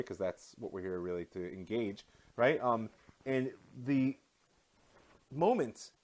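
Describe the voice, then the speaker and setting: Fast-talking man teaching a live online class. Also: medium pitch. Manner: animated, quick, self-deprecating asides. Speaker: rabbi and teacher.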